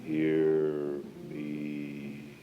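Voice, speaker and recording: A deep moaning ghost. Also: male voice, completely flat delivery, exaggerated voice. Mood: eerie. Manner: drawn-out, moaning. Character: slow, deep male ghost at a seance. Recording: dull low-fi film audio with music.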